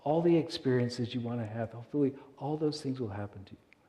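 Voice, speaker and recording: Male minister, calm meditative sermon, warm mellow tone, long church-hall reverb. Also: medium pitch. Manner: gentle, unhurried, soft-spoken with pauses. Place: church sanctuary.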